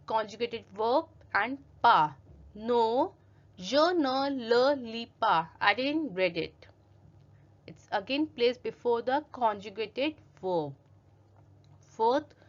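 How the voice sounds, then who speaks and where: A woman's voice: on the high side, lo-fi sound. A woman teaching a French grammar lesson from slides, reading each French example and then translating and explaining it step by step in English.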